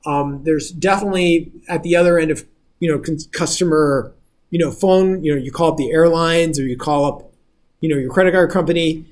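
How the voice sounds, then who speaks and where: A man's voice: fairly high pitch, a little fast, a little mellow. Man explaining things in a class. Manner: explanatory, often checking understanding. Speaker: instructor. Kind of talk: casual classroom lecture.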